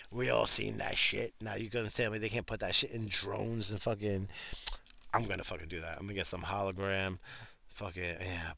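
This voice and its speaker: A man's voice: low-pitched, gravelly, sharp tone. A man talking in a casual, rambling monologue, swearing freely and laughing at his own asides.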